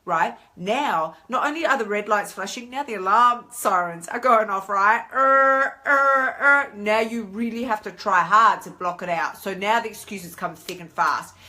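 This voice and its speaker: An Australian woman in her thirties talking casually on a live stream as a coach, chatty and animated, acting out inner voices. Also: mid-range voice, moderate pace, few pauses. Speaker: weight-loss coach hosting a live stream.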